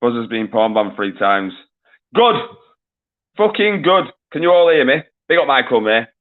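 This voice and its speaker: A man's voice: mid-range voice, expressive, normal speed, narrow, tinny audio. Swearing, jokey man hosting a quiz. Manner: swears often, jokey, shouts greetings to viewers. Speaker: livestream quiz host. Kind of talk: casual live-stream chat.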